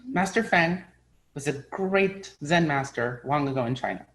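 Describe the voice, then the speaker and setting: A middle-aged man giving a spoken Buddhist dharma talk, an animated storyteller who acts out his characters' lines. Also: fairly high pitch, moderate pace, rough recording. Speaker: Buddhist teacher.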